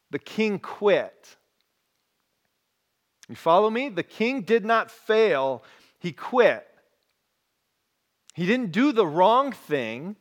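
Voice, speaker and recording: A man preaching a sermon, telling a story with lively acted-out voices. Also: high-pitched. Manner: animated storytelling, acts out quoted voices. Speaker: pastor.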